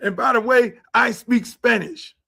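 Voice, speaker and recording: Loud blunt profane male host. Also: very high voice, measured pace, vocal fry, breathy edge. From Miami, Florida. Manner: blunt, animated, swears freely, slips into quoted voices.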